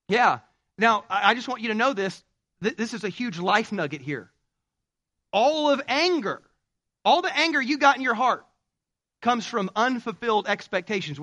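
A man preaching a sermon, joking and conversational, with sudden loud bursts. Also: very high-pitched. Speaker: pastor.

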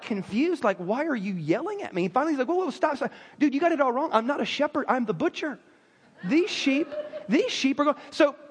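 Guy preaching, talks high, loose and chatty, lots of "like", big echoey church. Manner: animated, conversational preaching with frequent fillers. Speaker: pastor. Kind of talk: sermon. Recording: long hall reverb.

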